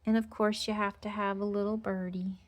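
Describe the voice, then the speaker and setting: A woman's voice: mid-range voice, little pitch movement, fairly quick. A woman giving a chatty, gushing tour of her decorated porch, full of fillers and sweet little remarks. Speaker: home decor vlogger. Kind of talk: casual porch tour narration. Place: outdoor porch.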